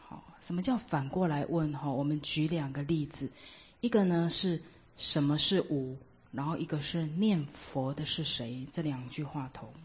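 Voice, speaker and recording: A woman teaching Buddhist meditation, explaining each point with examples in a measured way. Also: low-pitched, breathy edge. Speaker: dharma teacher. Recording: dull lo-fi recording.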